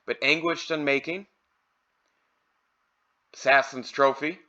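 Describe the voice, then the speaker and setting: Bright-voiced man, easygoing card review, slightly dull lo-fi recording. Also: on the high side, slow pace. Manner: relaxed, thinking aloud with fillers. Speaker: card collector reviewing products. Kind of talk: casual product review.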